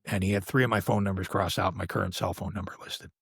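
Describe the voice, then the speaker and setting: An older man, a podcast guest, telling a long anecdote in casual conversation and acting out the quoted voices with sudden loud exclamations. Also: low-pitched, fast, gravelly, breathy edge, no room sound, clean studio sound. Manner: animated, acts out quoted dialogue with sudden raised exclamations. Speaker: podcast guest, veteran live sound engineer.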